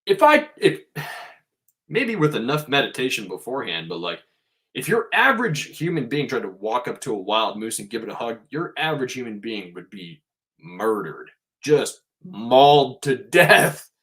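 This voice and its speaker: A man's voice: mid-range voice, very animated, normal speed, a bit bright. A man hosting a podcast, giving a casual spiritual monologue in an emphatic way and swearing freely.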